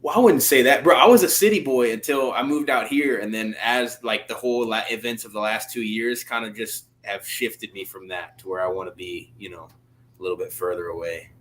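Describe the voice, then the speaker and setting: A man's voice: on the low side, a little fast, fairly bright tone. A young man from Louisiana, a guest on a video call, talking in a laid-back, easygoing way. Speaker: guest fighter. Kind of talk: casual interview chat.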